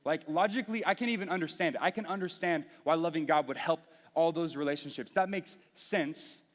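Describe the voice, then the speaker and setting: A man's voice: fairly high pitch, fairly quick. A young man preaching to a youth group, telling a personal story candidly and earnestly, with frequent restarts. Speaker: youth pastor. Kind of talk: sermon. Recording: reverberant hall.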